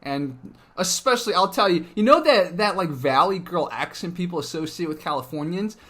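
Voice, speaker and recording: High-pitched host guy, super upbeat, says "like" and "um" constantly, keeps restarting. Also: expressive, brisk, fairly bright tone. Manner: enthusiastic, heavy on "like" and "um", restarts. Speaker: podcast host, interviewer. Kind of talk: casual interview chat.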